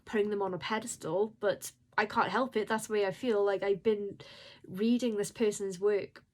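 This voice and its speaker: A woman's voice: mid-range voice, steady tone, moderate pace, a little mellow. A woman who is an indie horror author, talking casually to camera in an emotional, rambling and apologetic way. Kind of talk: casual vlog talk.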